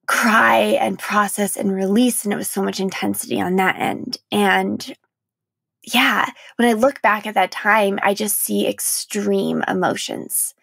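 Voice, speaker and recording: A young adult woman hosting her own podcast, talking through her feelings in a candid, emotional monologue with frequent "like"s and soft laughs. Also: medium pitch, gravelly, slightly rough, no room sound. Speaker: podcast host. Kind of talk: reflective solo podcast monologue.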